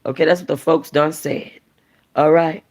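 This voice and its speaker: A woman hosting a book club, reading a novel aloud and then chatting casually in an animated, slangy way. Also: deep voice, moderate pace. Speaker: book club host and reader.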